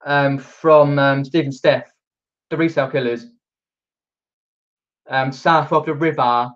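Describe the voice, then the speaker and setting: A man's voice: on the high side, steady tone, slow pace, pauses often, muffled recording. A man from just outside London with a Mockney accent, chatting casually on a live stream and reading out viewer comments, rambling with lots of fillers. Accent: Mockney, outer London. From England.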